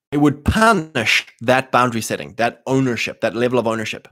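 A man talking straight to his listeners, punchy and animated, slipping into quick voices for the people he quotes. His voice sits at an ordinary male pitch and sounds close and dry, with no room echo. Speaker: host. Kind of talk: casual monologue to listeners.

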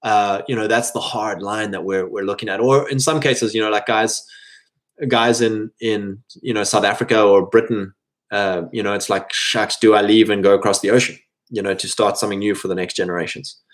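A man's voice: lowish voice, fairly even intonation, normal speed. A man hosting a podcast, talking casually to his audience and reading live chat, with frequent restarts and mocking quoted voices.

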